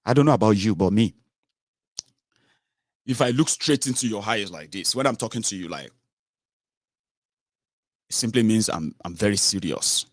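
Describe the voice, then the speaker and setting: A man with a Nigerian accent, giving an animated, casual monologue as a political commentator. He slips into Pidgin and Yoruba phrases. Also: lowish voice, normal speed, long pauses, no room sound, studio quality.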